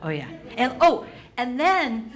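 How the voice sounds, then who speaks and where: A woman comedian from the United States telling a stand-up story in a wry, animated way, wandering into tangents. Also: on the high side, slow pace.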